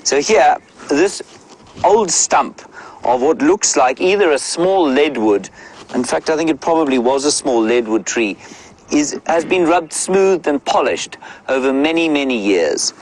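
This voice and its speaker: A man's voice: fairly high pitch, animated, measured pace, slight background noise, poor audio. A middle-aged man working as a safari guide, chatting live outdoors in a wry, wordy way and answering viewer questions. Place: outdoors in the bush beside a safari vehicle.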